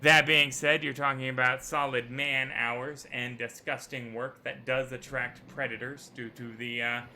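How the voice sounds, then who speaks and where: A man's voice: mid-range voice, unhurried. A man running a tabletop game as game master, joking and explaining the rules. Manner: animated, jokey, rules-minded. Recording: live stream with faint background noise.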